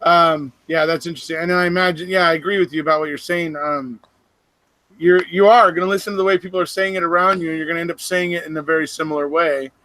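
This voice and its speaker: Man, somewhat high voice, agreeable, lots of short affirmations. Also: steady tone, fast talker, pushed and bright, dry recording, poor audio. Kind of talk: casual chat.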